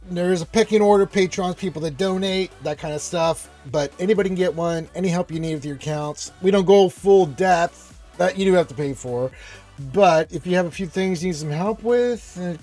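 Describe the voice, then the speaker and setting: A man's voice: high voice, darkish tone. A man hosting a casual gaming live stream, chatting loosely and reading out viewer greetings.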